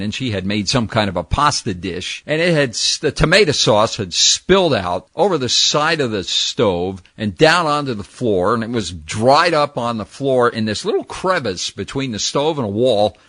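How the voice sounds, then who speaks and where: An older man from New Jersey, recalling old jobs in a lively storytelling way and acting out the people in them. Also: medium pitch, normal speed, few pauses, dry recording, studio quality. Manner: lively, acts out the people in his stories.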